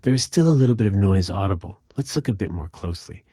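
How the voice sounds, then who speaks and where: A man calmly and methodically walking through an audio repair tutorial in voice-over. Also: deep voice, fast talker, breathy edge, no echo. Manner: calm, methodical explaining. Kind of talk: screen-recorded software tutorial.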